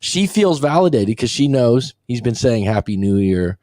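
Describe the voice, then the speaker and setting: A man hosting a relationship coaching talk show in casual chat, telling stories with lively acted-out quotes and casual swearing. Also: mid-range voice, normal speed, dry recording, clean studio sound. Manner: animated storyteller who acts out quotes, swears casually.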